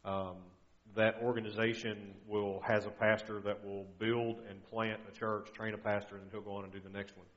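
A man's voice: lowish voice, flat delivery, moderate pace, fairly bright tone, highs cut off. A middle-aged man giving a guest sermon in an earnest, conversational way, often restarting his sentences. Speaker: guest preacher.

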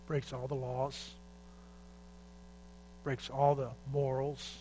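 A man preaching a sermon, moving between loud urgent exhortation and quiet, emotional retelling of a scripture story. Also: mid-range voice, fairly even intonation, normal speed, pauses often, rough recording. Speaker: pastor. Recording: faint mains hum.

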